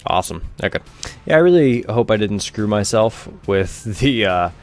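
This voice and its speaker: A man's voice: on the low side, lively intonation, moderate pace. A young man giving rambling, offhand let's-play commentary over a video game, swearing casually. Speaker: gameplay commentator.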